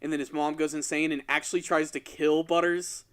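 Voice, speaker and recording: A man co-hosting a casual podcast, retelling a story with lively energy and putting on quick voices for the characters. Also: a little high, clear, resonant tone. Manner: animated storytelling, acts out quoted lines in exaggerated voices. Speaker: podcast co-host.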